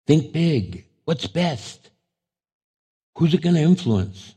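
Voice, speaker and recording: A man's voice: on the high side, drawn-out words, long pauses, breathy edge. A middle-aged male pastor preaching a storytelling sermon, acting out conversations in quoted voices. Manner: animated, acts out dialogue in quoted voices.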